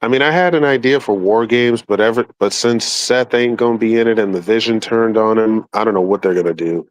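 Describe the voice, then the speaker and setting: A man's voice: fairly low pitch, a little fast, no echo, poor audio. A man co-hosting a wrestling podcast, talking casually and with some swearing. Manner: laid-back, profane, informative. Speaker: podcast co-host. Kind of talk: casual chat.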